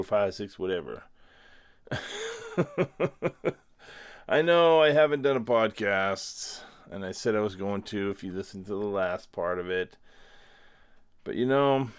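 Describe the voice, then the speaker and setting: A man's voice: lowish voice, no room sound. Rambling laid-back man podcasting solo. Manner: rambling, self-deprecating, laughs often. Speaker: podcast host. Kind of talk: casual solo podcast monologue.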